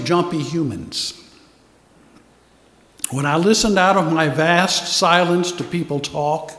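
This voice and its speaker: A man with a fairly high voice gives a meditative sermon, speaking slowly and softly with long pauses. His voice rings through a roomy hall with a long reverb tail. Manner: slow, soft and unhurried, with long pauses. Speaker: spiritual teacher.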